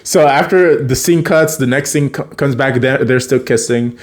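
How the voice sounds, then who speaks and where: A man's voice: medium pitch, moderate pace. A man casually retelling a TV episode, chatty, laughing often and acting out the characters' lines. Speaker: TV episode recapper.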